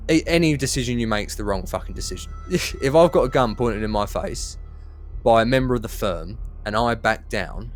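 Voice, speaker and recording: A man telling a story in character, sweary and animated, laughing through it. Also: medium pitch, normal speed, soft background music.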